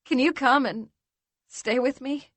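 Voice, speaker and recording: A woman performing a frightened young woman who is crying. Her voice wobbles and breaks into short, halting phrases. The recording is dry and close. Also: high voice, a bit bright, no room sound, pitched above the performer's own voice. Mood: tearful. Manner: wobbly, halting speech between sobs.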